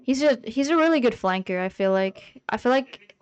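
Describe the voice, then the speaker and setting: A woman shares easygoing views in a casual gaming panel chat. Her voice is smooth and clear, recorded close and dry. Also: a little high, expressive, moderate pace, dry recording, highs cut off.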